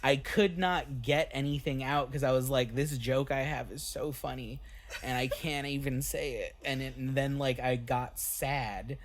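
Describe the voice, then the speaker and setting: A man's voice: medium pitch, fairly even intonation. A man, a band member on a casual podcast, telling stories in a joking, self-deprecating way with lots of fillers. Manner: self-deprecating, quick jokes, filler-heavy.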